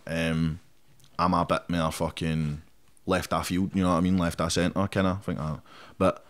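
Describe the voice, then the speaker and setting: A young Scottish man with a fairly low voice talks bluntly through a casual interview. He swears freely and drops "mate" into almost every sentence. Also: little pitch movement, moderate pace. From Scotland. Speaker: rapper guest.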